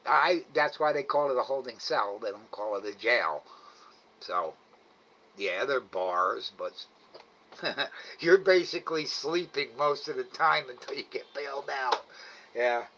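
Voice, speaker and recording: A middle-aged man chats slowly and loosely with his livestream viewers, chuckling and letting sentences trail off. His voice is bright and forward, though the stream audio is a bit dull and lo-fi. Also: medium pitch, animated, slight background noise. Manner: rambling, chuckling, trailing off often. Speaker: livestream host. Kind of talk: casual chat reading viewer comments. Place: home, live night cam stream.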